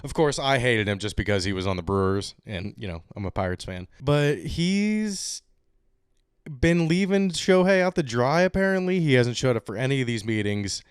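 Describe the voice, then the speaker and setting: A man talks sports on his podcast in a loose, rambling way, laughing often and ramping up into excited rants. His voice is smooth and clear at a middle pitch, and the recording sits close and dry with no room around it. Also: normal speed, no echo. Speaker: podcast host. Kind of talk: casual sports talk.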